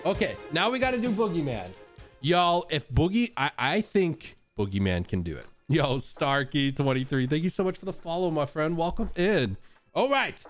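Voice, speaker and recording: A man's voice: fairly high pitch, very animated, moderate pace, faint music behind. A man casually chatting on his live stream while playfully coaxing his dogs through a treat trick, laughing often.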